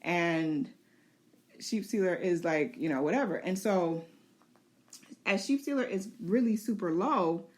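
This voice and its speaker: Woman host, casual recap, chatty and laughing, pitch swings all over. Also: unhurried, pauses often. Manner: animated, chatty, laughing asides. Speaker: show host.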